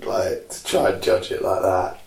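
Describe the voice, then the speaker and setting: A man's voice: low voice, moderate pace, creaky, a little mellow. A man co-hosting a casual podcast, rambling and jokey as he talks about chart songs. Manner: rambling and jokey, with fillers and restarts. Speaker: podcast co-host. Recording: roomy echo.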